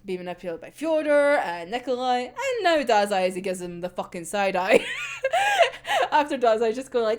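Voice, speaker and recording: On the high side with wide pitch swings, this woman's voice moves at normal speed. An anime vlogger, she runs through an episode recap casually, swearing freely, giggling a lot, and performing the characters' dialogue.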